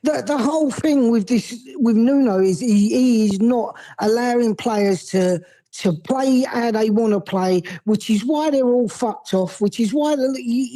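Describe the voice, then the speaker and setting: A man's voice: extremely high pitch, unhurried, dark tone, no room sound, poor audio. Ranting cockney man on a call. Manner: swearing, rambling football rant. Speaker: phone-in caller. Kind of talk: casual chat.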